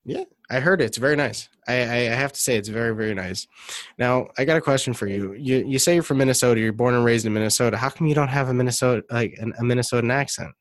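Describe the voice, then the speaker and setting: A man's voice: mid-range voice, quick pace, no echo. A man hosting a casual interview, chatty and prone to repeating himself as he asks questions. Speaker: interview host.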